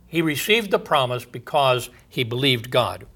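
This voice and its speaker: Slow bright-voiced man teaching scripture. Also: mid-range voice, very animated, slightly rough. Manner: slow, reads scripture aloud with emphasis, many fillers. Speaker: Bible teacher. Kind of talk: sermon.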